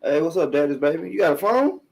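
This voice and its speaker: A man's voice: fairly high pitch, lively intonation, fast talker, creaky, slight background noise, poor audio. Blunt, swearing man ranting on a podcast. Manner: emphatic, blunt, swearing, repetitive. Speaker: podcast host on a live stream. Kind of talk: casual profane commentary rant.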